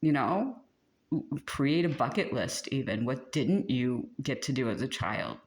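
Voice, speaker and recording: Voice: medium pitch, very animated, a little slow. A tarot reader giving a casual spoken spiritual reading, rambling with many filler words and often breaking into giggles. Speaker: tarot reader channeling messages.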